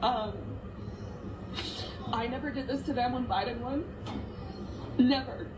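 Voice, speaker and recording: A woman's voice: fairly high pitch, fairly even intonation, a little slow, roomy sound, lo-fi sound, background noise. A woman speaking close to tears in a personal vlog, her voice unsteady with emotion.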